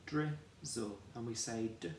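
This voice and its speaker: A medium-pitched man teaches children a phonics lesson, sounding out each letter slowly and carefully. The room is echoey, with faint background noise.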